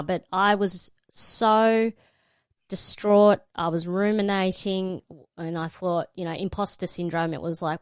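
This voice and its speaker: A woman's voice: lowish voice, dry recording, clean studio sound. A middle-aged woman, a radio presenter telling a personal story as a guest and acting out the quoted lines. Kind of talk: storytelling in a panel conversation.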